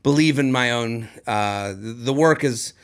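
A man in his thirties, a comedian co-hosting a podcast, chatting in a rambling, excitable way with lots of restarts. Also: medium pitch, unhurried, smooth. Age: 30s. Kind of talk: casual chat.

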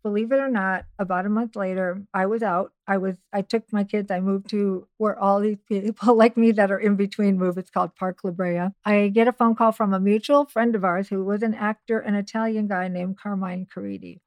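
A middle-aged woman appears as a podcast guest, telling a personal story in a chatty way full of asides and restarts. Her medium-pitched voice is fairly even and brisk, with hardly any pauses, and the recording has no echo.

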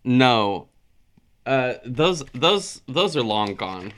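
A man's voice: mid-range voice, extremely slow. A man co-hosting a comedy podcast, chatting casually and acting out the people in his stories. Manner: animated storyteller, acts out quoted voices. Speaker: podcast co-host.

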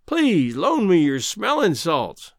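A man reading aloud and voicing a gruff Western cowhand who scorns city ways, with a folksy, blustering drawl and rough slang. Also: sits high, big pitch swings, a little slow, no echo, studio quality, voice pushed up, heavily acted. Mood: pleading. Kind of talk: dramatic reading of a short story.

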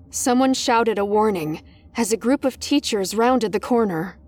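A woman's voice: on the high side, measured pace, darkish tone. A woman narrating a first-person horror story in a tense, dramatic manner. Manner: tense, dramatic, rising in panic.

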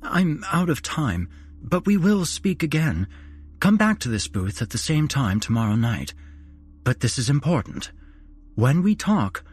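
A man's voice: medium pitch, slightly rough, voice pushed up. A man voicing a sad dead mother on the line. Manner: sad, urgent, motherly scolding. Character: grieving dead mother calling from beyond, stern. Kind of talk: horror story reading.

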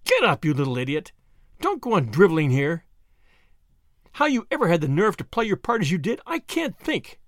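A man voicing a cold, menacing older woman villain who speaks in a sharp, imperious, scornful way. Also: sits high, wildly swooping pitch, normal speed, dry recording, clean studio sound. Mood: angry.

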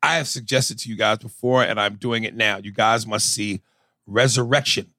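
A man's voice: on the low side, steady tone, moderate pace, gravelly, sharp tone, no echo. A man co-hosting a podcast, reading listener emails aloud in a loose, profane, joking way. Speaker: podcast co-host. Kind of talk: casual podcast chat.

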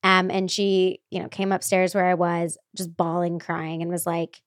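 A woman's voice: on the low side, normal speed, hardly any pauses, dry recording, clean studio sound. Candid woman podcast host. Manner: candid, animated storyteller with frequent fillers. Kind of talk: casual podcast chat.

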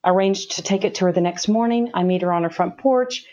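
A woman's voice: on the low side, a little fast, warm tone. A middle-aged woman telling a personal story in conversation, earnest, with many restarts. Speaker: guest. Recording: slightly dull lo-fi sound.

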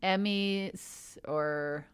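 A middle-aged woman talking very slowly in a dry, deadpan way. Her voice is smooth and clear. She co-hosts a casual podcast chat. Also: mid-range voice, dry recording. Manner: slow, dry, deadpan delivery. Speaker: podcast co-host.

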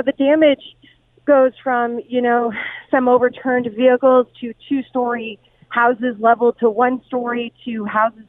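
A woman news reporter on the scene, talking in a halting way, repeating words and restarting sentences over the phone. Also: a little high, dry recording. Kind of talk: live phone interview. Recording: tinny dry phone line.

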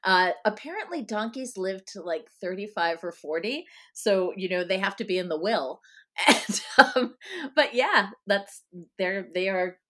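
Bright, lively woman interview guest. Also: medium pitch, a little slow. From United States. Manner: laughs often, self-deprecating. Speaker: guest author. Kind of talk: casual interview chat.

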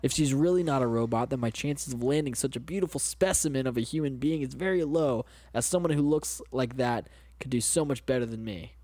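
Male podcast co-host, middle pitch; reads aloud, cracks jokes mid-sentence. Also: brisk, darkish tone. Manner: joking, interrupting with quips and laughs. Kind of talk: comedic reading of a story with commentary.

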